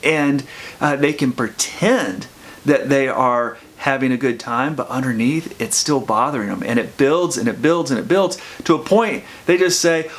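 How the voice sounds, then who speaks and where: Man, counselor, earnest advice talk, mid-pitched voice, repeats himself. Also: normal speed. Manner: earnest, repeats phrases, restarts often. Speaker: addiction counselor.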